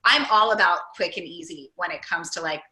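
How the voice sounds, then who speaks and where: A woman's voice: fairly low pitch, bright, forceful tone. A woman coaching a weight loss program, talking in an enthusiastic, casual interview chat with lots of run-on "like"s. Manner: enthusiastic, talks in quick run-on bursts with many "like"s. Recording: echoey room.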